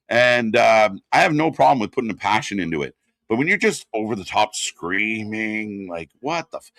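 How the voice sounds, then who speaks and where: A man's voice: medium pitch, a bit bright, dry recording, studio quality. A man hosting a live wrestling watch-along stream, chatting casually and bluntly with plenty of swearing while answering chat. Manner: casual and profane, reads chat aloud.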